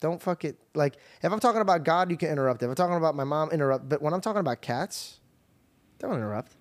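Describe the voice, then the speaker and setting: A young man hosting a podcast, telling a story in lively casual chat, often laughing and restarting sentences. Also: a little high, quick pace. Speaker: podcast host.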